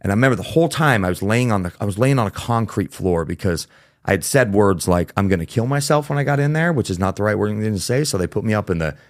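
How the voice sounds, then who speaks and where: A man's voice: on the low side, animated, fast talker, dry recording, clean studio sound. A man as a podcast guest, telling his story candidly and casually, with plenty of fillers and the odd swear word.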